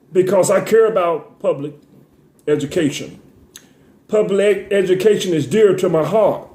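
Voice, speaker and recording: Tearful, stammering man with a high voice. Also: a little mellow, roomy sound. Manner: preacher-like cadence, stammers and repeats words. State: tearful, sniffling. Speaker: talk show host. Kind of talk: emotional spoken commentary.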